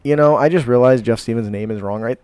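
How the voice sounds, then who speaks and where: A man's voice: medium pitch, quick pace, darkish tone, clear, resonant tone, no room sound. Laughing, casual podcast co-host man. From United States. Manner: laughs often, swears casually.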